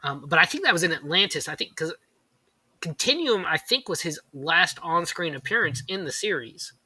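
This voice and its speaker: A man co-hosting a casual podcast chat, rambling excitedly and pausing to search for names. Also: fairly high pitch, breathy edge, no room sound. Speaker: podcast co-host.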